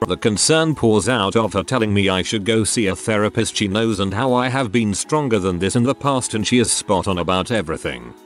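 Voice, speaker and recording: A man narrating online stories in a scripted, steady reading style, with occasional odd mispronunciations. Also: lowish voice, a little fast, few pauses, soft background music. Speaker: narrator reading Reddit posts.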